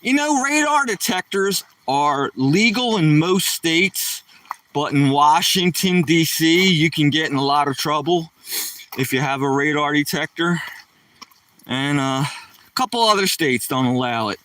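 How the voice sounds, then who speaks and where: A man's voice: fairly high pitch, measured pace, fairly bright tone, distant mic. A man from the Philadelphia area telling rambling stories from his past in loose, casual chat, often tossing in "man" and "you know".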